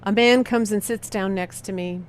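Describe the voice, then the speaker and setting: A middle-aged woman speaks with quiet intensity, letting long pauses hang between her phrases as she recounts her own past. Her voice sits in a middle register, neither high nor low. A faint background noise runs under the recording. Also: steady tone. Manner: slow, heavy dramatic pauses, quiet intense delivery. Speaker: motivational speaker. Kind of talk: emotional personal testimony talk.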